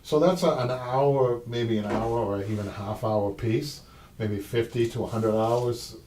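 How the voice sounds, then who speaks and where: A man's voice: mid-range voice, fairly even intonation, unhurried, dark tone. A man with a Boston accent hosting a live upholstery show. He rambles and restarts in casual talk. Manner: rambling, with many restarts and asides. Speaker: upholstery shop owner and show host. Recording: distant mic with faint noise.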